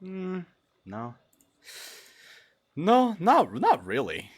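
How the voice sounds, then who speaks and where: A young man from Brazil chatting on a livestream, sleep deprived, giggly and rambling, dropping to mumbles and jumping to loud yelps. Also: medium pitch, wildly swooping pitch, slow pace, long pauses. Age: young adult. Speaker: streamer. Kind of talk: casual livestream chat.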